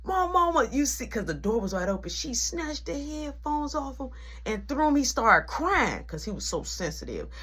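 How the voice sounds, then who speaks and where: A young man telling a family story in casual speech, animated and dramatic. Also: very high voice, normal speed, breathy edge. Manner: animated, dramatic, switches voices.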